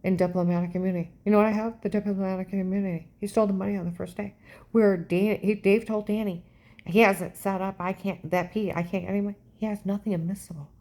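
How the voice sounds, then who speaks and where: A woman's voice: mid-range voice, fairly even intonation, fast talker, warm tone. A middle-aged woman giving an intense, rambling personal monologue as a vlogger, often checking in with "okay?".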